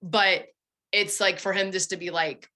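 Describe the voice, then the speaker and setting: Bright-voiced chatty woman. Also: medium pitch, measured pace. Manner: animated, chatty storytelling. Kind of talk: casual podcast conversation.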